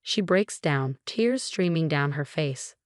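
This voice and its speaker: A woman narrating a first-person drama story, reading every voice in one steady tone. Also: sits low, takes it slowly, no echo, clean studio sound.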